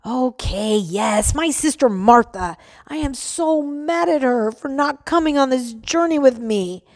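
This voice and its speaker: A woman voicing an anxious, tearful young woman traveler who speaks haltingly in a storybook reading. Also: sits high, expressive, pitched above the performer's own voice. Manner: halting, shaky.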